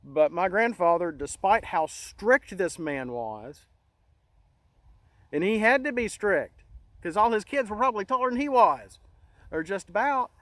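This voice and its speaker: A middle-aged man hosting a casual monologue, talking in an earnest, halting way with many restarts. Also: high voice, animated, a bit bright, no room sound, rough recording. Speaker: channel host.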